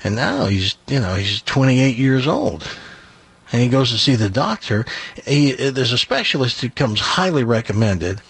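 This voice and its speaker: A man's voice: medium pitch, expressive, moderate pace, gravelly, slightly rough. A man hosting a radio show who tells a long joke in a chatty, folksy way. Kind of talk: telling a joke on morning radio.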